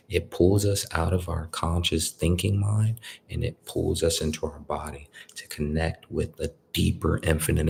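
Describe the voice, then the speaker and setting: A man's voice: rumbling low, vocal fry, slight background noise. A man giving a casual spiritual talk, conversational and repetitive, often checking in with "you feel me". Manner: conversational, repeats "you feel me", colloquial grammar. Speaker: spiritual speaker.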